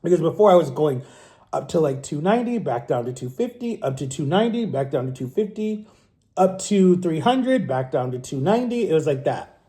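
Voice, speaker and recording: Candid man rambling in a warm, relaxed voice. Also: a little high, fairly quick. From Florida. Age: 30s. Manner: rambling and candid, self-correcting. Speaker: vlogger. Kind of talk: casual storytelling to camera. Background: eating on camera.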